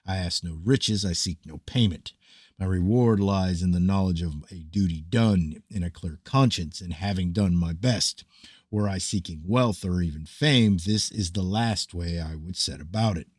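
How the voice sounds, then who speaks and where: A man giving a grave, measured, declamatory reading of an ancient scripture. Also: sits low, husky, no room sound, studio quality.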